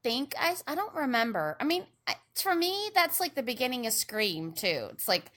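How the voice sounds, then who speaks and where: A middle-aged woman co-hosting a casual podcast, with a bright voice that swings widely in pitch. She talks in an animated, chatty way. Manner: animated, quick to laugh. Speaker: podcast co-host. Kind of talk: casual chat.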